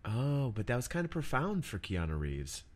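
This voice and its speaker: A man's voice: mid-range voice, wildly swooping pitch, moderate pace. A young man co-hosting a podcast in casual comedic chat, swearing freely, laughing often and trailing off mid-thought. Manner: laughing, profane, jokey, trailing off. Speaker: podcast co-host.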